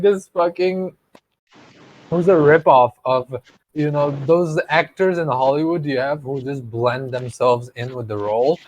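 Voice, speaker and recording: A man's voice: mid-range voice, slight background noise, low-quality recording. A man co-hosting a podcast, rambling in casual chat, swearing freely and laughing often. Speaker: podcast co-host.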